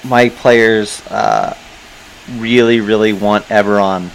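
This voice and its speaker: A man's voice: on the low side, fairly even intonation, slow, creaky, a little hiss or hum, rough recording. A man hosting a podcast, bantering casually and laughing easily. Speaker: podcast host. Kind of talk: casual chat.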